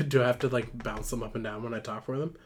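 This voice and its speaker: A man's voice: mid-range voice, steady tone, brisk. Rambling, profane man streaming. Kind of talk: casual live-stream narration.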